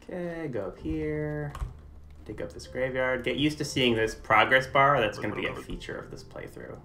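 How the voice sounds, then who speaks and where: A man's voice: mid-range voice, normal speed, pushed and bright, slight background noise. A young man doing chatty live gameplay commentary for a charity stream, reading game dialogue aloud.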